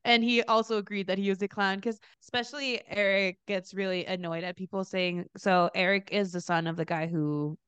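A woman's voice: medium pitch, fairly quick, few pauses, clean tone, dry recording, muffled recording. A young woman co-hosting a podcast, chatting casually and acting out the people in her stories, laughing often. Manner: animated storyteller, acts out quoted people, laughs often. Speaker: podcast co-host. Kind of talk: casual chat, storytelling.

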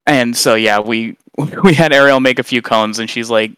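A young man, a guest on a casual chat recorded remotely, telling funny stories with lively acted-out quotes. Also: normal speed, clean tone, no echo. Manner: animated storyteller, acts out quotes in high voices. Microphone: long-distance remote recording.

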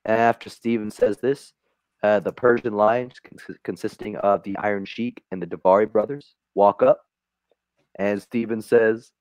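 A man's voice: on the low side, steady tone, unhurried, a little mellow, no room sound. Man, casual podcast host, reads script aloud, swears a lot, dry close sound. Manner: swears freely, reads lines in quotes with small voice shifts. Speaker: podcast co-host reading his fantasy booking.

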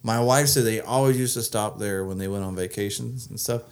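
Co-hosting a laid-back chat show, this man talks fairly quickly in a lowish, slightly mellow voice. His stories meander and are filled with fillers like "uh" and "like."

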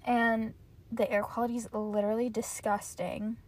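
A woman's voice: on the high side, level tone, normal speed, a little mellow. A young woman hosting her own podcast, chatting casually and ranting, cursing freely and saying "like" in nearly every phrase. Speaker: podcast host. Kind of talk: casual solo podcast rant.

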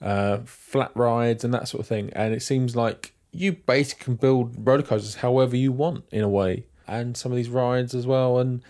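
A man's voice: medium pitch, fairly even intonation, normal speed, hardly any pauses, a little mellow. A man co-hosting a podcast in casual chat, chatty and teasing. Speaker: podcast co-host.

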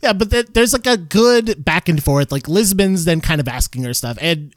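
Animated man rambling through a recap. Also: a little high, normal speed, no echo, studio quality. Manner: rambling, many fillers and laughs. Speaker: podcast co-host. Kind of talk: casual chat recapping a TV episode.

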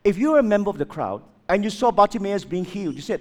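Brief: a male preacher with a high voice, full of rhetorical questions and dramatic shifts from loud to soft. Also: quick pace, hardly any pauses. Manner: animated, rhetorical questions, swings between loud and hushed. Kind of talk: sermon.

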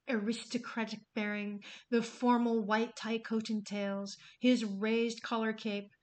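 A woman hosting a podcast, telling film history in a casual, enthusiastic way with some swearing. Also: mid-range voice. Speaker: podcast host.

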